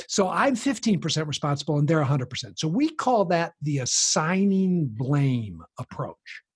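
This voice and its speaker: A man explaining a parenting approach in conversation, animated and acting out the voices of people he quotes. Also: a little high, normal speed, slightly rough.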